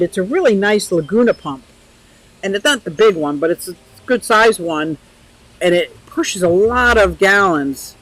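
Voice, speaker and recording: A chatty older woman hosts a relaxed live stream outdoors beside a pond. Her voice is bright and lively, and she laughs easily as she rambles and reads out comments from viewers. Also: mid-range voice, poor audio. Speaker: livestream host. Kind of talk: casual live chat.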